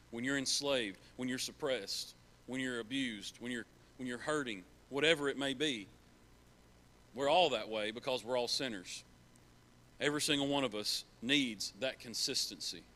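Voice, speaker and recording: A man's voice: mid-range voice, pushed and bright. A man preaching a sermon in a church, earnest and repeating key phrases for emphasis.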